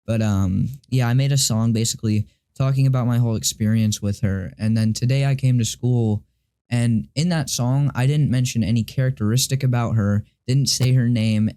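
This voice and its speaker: Rambling teenage boy with a mellow voice. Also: medium pitch. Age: teens. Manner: rambling, halting, with many restarts and fillers; confused and frustrated, swears casually. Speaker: vlogger. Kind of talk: casual storytelling to camera.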